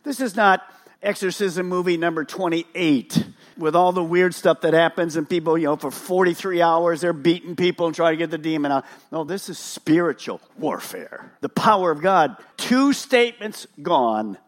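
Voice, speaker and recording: A man's voice: a little high, moderate pace. A male pastor preaching a sermon at a church service, emphatic and full of rhetorical questions.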